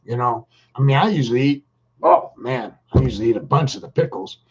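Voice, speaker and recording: A man's voice: medium pitch, lively intonation, brisk, husky. A middle-aged man telling a rambling, jokey everyday story in casual slang. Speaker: vlogger. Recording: dull lo-fi recording.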